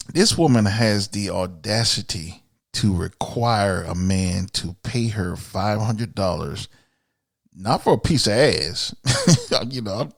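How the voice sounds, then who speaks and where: A man's voice: lowish voice, vocal fry, dry recording, studio quality. A man from Miami hosting a podcast, ranting bluntly and profanely in an opinionated solo monologue. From Miami, USA. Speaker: podcast host.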